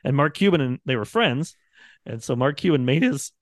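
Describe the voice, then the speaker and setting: This man's mid-range voice is expressive and moves at a moderate pace as he talks casually on a podcast. A radio producer by trade, he tells rambling stories and performs the quotes of the people involved, with studio-quality sound and no room echo.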